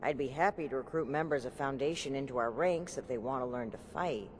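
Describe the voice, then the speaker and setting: A man voicing a cautious military paladin in video game dialogue, speaking in a measured, commanding way. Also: mid-range voice, a little hiss or hum, natural voice.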